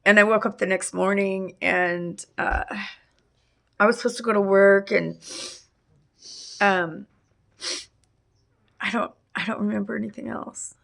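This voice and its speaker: Slow, gravelly middle-aged woman recalling grief. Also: mid-range voice, steady tone. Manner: halting, with many restarts and fillers. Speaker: interviewee. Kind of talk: emotional personal testimony.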